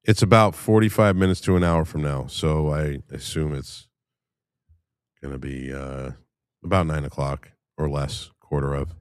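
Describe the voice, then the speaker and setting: A man's voice: a bass voice, fairly even intonation, moderate pace, clear, resonant tone, dry recording. A man hosting a live stream, chatting casually and telling loose, profane stories to his viewers. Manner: loose, rambling and profane storytelling. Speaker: livestream host. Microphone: streaming microphone.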